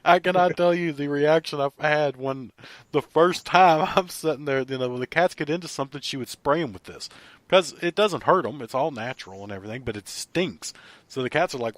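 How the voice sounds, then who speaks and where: A man co-hosting a podcast, chatting casually and telling animated stories with frequent laughter. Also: fairly high pitch, a little fast, no room sound. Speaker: podcast co-host and producer.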